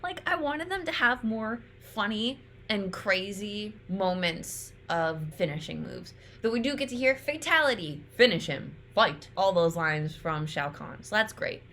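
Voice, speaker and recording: A woman's voice: medium pitch, animated, unhurried, hardly any pauses, fairly bright tone, slight background noise. A woman giving casual, chatty film commentary, with lots of "like" and some swearing. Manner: chatty, frequent "like", swears freely. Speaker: YouTuber reviewing an animated film.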